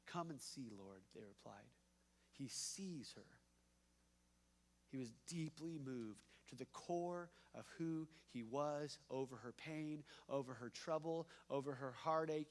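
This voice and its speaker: A male pastor with a fairly high voice preaches a sermon, moving between hushed, slow lines and loud, emphatic ones. His delivery has a repeating cadence and includes playful asides.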